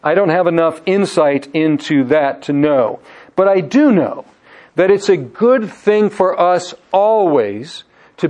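A man preaching a sermon, speaking in a measured way and slowing down on key phrases. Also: fairly high pitch, lively intonation, a little mellow, highs cut off. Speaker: pastor.

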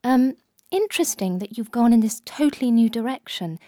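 A woman hosting a radio arts show, asking polite, measured interview questions. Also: a little high, lively intonation, mellow, dry recording, clean studio sound.

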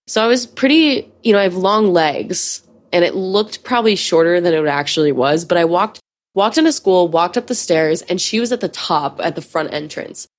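A woman's voice: fairly low pitch, expressive, normal speed. A woman in her twenties, a podcast host, telling a story in a casual, profane, chatty way with many fillers.

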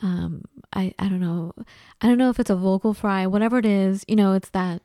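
A woman's voice: medium pitch, steady tone, fairly quick, mellow, no room sound, studio quality. A woman from Los Angeles with a Los Angeles accent, telling stories in a rambling, casual chat full of likes and restarts. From Los Angeles, California. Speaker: podcast co-host.

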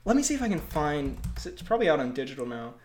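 A man's voice: fairly high pitch, very animated, fast, darkish tone. A young man co-hosting a podcast in casual chat, rambling and laughing often. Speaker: podcast co-host.

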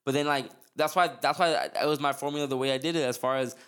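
A man's voice: medium pitch, fairly even intonation, quick pace, a bit bright, clean tone. A man hosting a podcast in casual chat, rambling with slang and lots of restarts. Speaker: podcast host.

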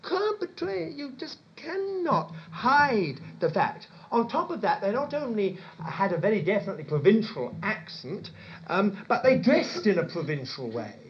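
A British man delivers a sermon in a chatty teaching manner, full of asides and self-corrections. His pitch swoops and jumps expressively from phrase to phrase. The recording is dull and lo-fi, missing its top end. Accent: British English. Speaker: preacher.

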